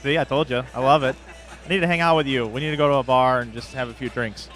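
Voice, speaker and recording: A man's voice: mid-range voice, steady tone, quick pace, a bit bright, faint music behind. A man interviewing guests on a live broadcast in a jokey, upbeat way.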